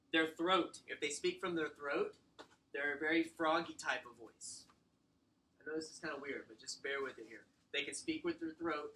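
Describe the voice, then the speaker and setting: A man giving a casual sales training talk, animated and acting out client exchanges. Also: a little high, slight background noise, rough recording. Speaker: real estate sales trainer.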